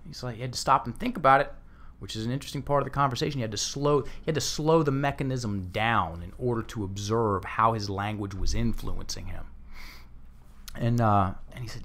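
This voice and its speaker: A man in his thirties, a language coach as guest, telling stories in a lively conversational way, acting out what people said, often restarting his sentences. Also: medium pitch, a little fast. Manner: animated, acts out quotes, frequent restarts. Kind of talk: conversational storytelling interview.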